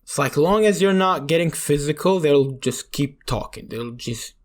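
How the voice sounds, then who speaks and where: A man's voice: a little high, expressive, moderate pace. A young man from Iraq co-hosting a podcast, telling stories in a rambling, swear-filled way and leaning on "you know". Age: young adult. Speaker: podcast co-host. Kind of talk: casual chat.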